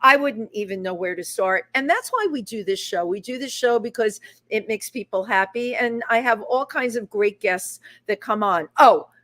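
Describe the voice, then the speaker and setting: A woman's voice: medium pitch, moderate pace, a bit bright. A woman hosting a live talk show, chatting in an emphatic, effusive way.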